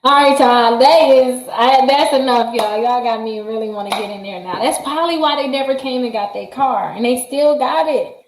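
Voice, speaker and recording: Excitable woman chatting on a roomy livestream. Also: a little high, normal speed, few pauses. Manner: excitable and chatty, laughs often, talks straight to viewers. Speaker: credit repair livestream host. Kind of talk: casual livestream chat reading viewer comments. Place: her office. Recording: roomy echo.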